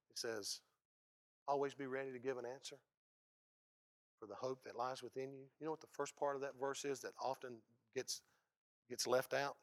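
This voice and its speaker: A man preaches a sermon, his mid-pitched voice dropping to hushed lows and then jumping into loud, high bursts. He sounds like he's in his thirties. The sound is dry and close, with no room echo. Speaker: pastor.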